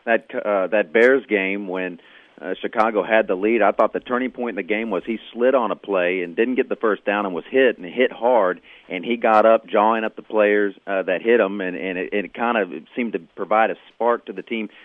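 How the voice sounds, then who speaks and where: A man with a fairly low voice phones in to a radio show. He talks through the game in a relaxed, knowledgeable way and often restarts his phrases. The line is narrow and tinny, with no room sound. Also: moderate pace, no room sound. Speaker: sports radio guest analyst. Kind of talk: radio interview, casual sports talk. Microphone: phone call.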